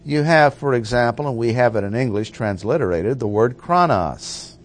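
A man preaching a measured expository Bible teaching, stressing and repeating key phrases. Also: mid-range voice, lively intonation.

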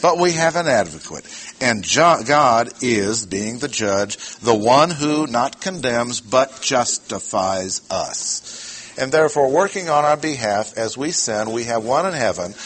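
A man teaching a sermon verse by verse, slow and deliberate, repeating his key words. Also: mid-range voice, expressive, fairly bright tone, breathy edge. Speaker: preacher. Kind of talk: expository Bible teaching.

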